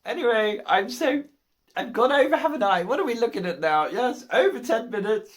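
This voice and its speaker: A woman's voice: a little high, expressive, moderate pace. A woman giving a comic Christmas speech, telling a rambling joke and giggling at her own lines. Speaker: comic storyteller.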